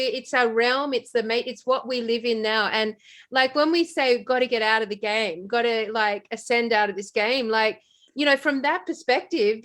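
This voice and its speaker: A woman's voice: high-pitched, a bit bright. A woman hosting a casual conversation, musing aloud with enthusiasm and many filler words.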